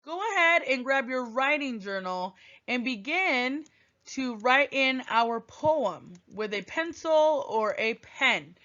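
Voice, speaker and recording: A woman teaching a writing lesson to young children, thinking aloud with long hums in a gentle, encouraging way. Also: high-pitched, expressive, takes it slowly. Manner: gentle, encouraging, sing-song classroom delivery. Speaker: first grade teacher. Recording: dull lo-fi recording.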